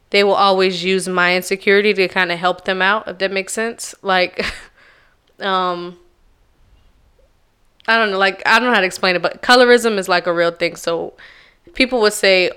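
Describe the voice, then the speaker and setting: A woman from Charleston, South Carolina, sharing a personal story on a podcast in a soft, reflective and carefully slow way. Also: mid-range voice, clean tone. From Charleston, South Carolina, USA. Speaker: podcast co-host.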